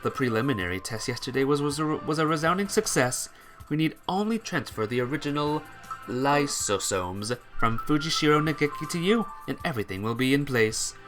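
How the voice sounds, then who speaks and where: A cold, scheming doctor with a lowered, calm, condescending voice, as a man puts him on. He talks slowly and lets his pitch rise and fall smugly. Faint game music sits behind. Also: natural voice.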